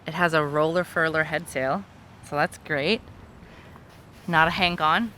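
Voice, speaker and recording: A woman hosting a vlog, giving an excited, giggly tour of a small sailboat she is aboard. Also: low-pitched, a little slow, a little hiss or hum. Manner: excited, giggly, with frequent laughs. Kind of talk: casual tour walkthrough.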